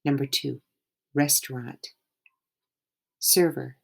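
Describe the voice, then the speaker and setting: A woman teaching beginner English, reading out polite phrases and short example dialogues slowly and clearly. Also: low voice. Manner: slow, clear, lively intonation.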